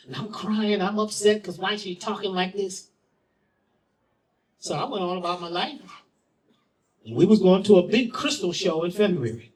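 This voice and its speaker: A man telling a personal story as a spoken-word performer, theatrical, swinging from loud lines to hushed ones and repeating phrases for effect. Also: high-pitched, normal speed, long pauses, recorded from a distance, low-quality recording.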